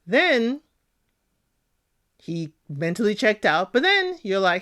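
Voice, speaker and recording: Woman host, casual TV recap, lively delivery, acts out quotes in her monologue. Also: mid-range voice, measured pace. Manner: expressive, acts out other people's lines. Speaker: podcast host.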